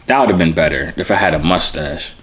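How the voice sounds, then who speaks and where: A man's voice: sits low, a little fast, over a noisy crowd. A young man from Arkansas, joking around with strangers on a phone video chat. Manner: playful, joking, teasing. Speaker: YouTuber.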